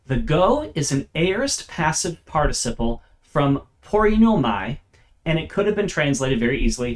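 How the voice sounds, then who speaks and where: Man teaching a Bible lesson. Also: mid-range voice. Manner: explanatory, stresses key words.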